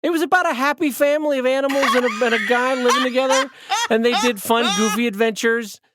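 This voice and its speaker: A man's voice: very high-pitched, quick pace, very noisy. A middle-aged man hosting a podcast in casual chat, joking at his own expense, short on sleep. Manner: self-deprecating, joking. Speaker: podcast co-host.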